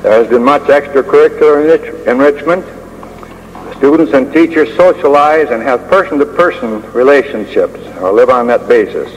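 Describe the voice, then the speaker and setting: An older man giving a prepared speech as a school administrator, measured and dryly humorous, pausing often with uh. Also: medium pitch. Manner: measured, with dry humor and frequent uh pauses. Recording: long hall reverb with faint hiss.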